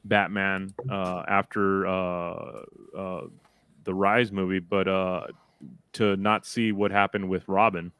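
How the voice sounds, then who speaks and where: A man's voice: low-pitched, little pitch movement, slow pace, a bit bright, clean tone, no echo. A man co-hosting a casual chat, emphatic and profane, calling everyone dude. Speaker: co-host.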